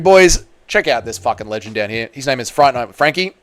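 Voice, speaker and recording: A man's voice: medium pitch, expressive, fairly quick. A man with an Australian accent chatting casually on a livestream, reading donations and swearing in matey banter. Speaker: MMA YouTuber streaming live.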